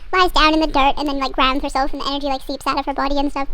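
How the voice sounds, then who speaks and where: A woman's voice: sits high, level tone, rapid-fire, few pauses, bright, forceful tone, slight background noise, low-quality recording. A young woman, casually chatting and retelling a book plot in a sarcastic, sweary way. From Australia. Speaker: book vlogger.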